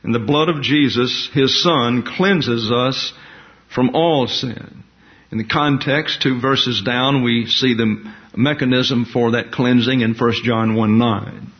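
A pastor delivers an expository Bible teaching sermon in a medium-pitched voice, speaking deliberately. He explains Greek terms and drops side remarks, and the recording is dull and lo-fi.

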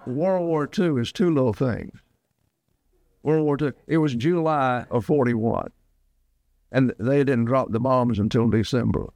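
A man's voice: medium pitch, measured pace, a little mellow, no echo. A man in his eighties from Alabama, preaching a sermon in a folksy, rambling way. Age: 80s. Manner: folksy, digressive storytelling. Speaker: pastor.

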